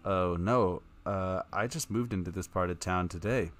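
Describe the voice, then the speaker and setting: A man's voice: sits low, normal speed. A man streaming live, reading a text adventure aloud in a casual tone with wry asides.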